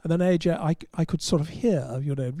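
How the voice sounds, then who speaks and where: A man's voice: a little high, brisk, mellow, no echo, clean studio sound. An English man, a motorsport journalist, telling wry, rambling anecdotes with restarts in casual podcast talk. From England.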